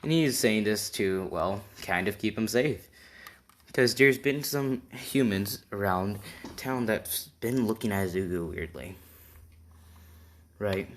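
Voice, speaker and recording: A man improvising a fan-fiction story out loud, rambling and tagging almost every point with a quick check-in question. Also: on the low side. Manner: rambling, constantly checking in with "right?".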